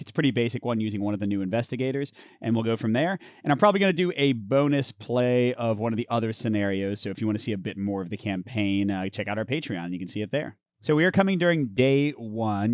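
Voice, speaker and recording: A man's voice: fairly low pitch, a little mellow. A man hosting a tabletop card game playthrough, chatting casually as he explains the rules and reads the story text aloud. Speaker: host of a board game channel.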